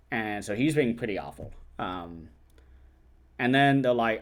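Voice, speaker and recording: A man with a slightly low voice talks through a film's plot in a casual, rambling way. He fills pauses with frequent ums and likes, and drops into quick impressions of the characters' lines. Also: lively intonation. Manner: loose, chatty retelling with many fillers. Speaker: film review channel host. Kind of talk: casual film recap and review.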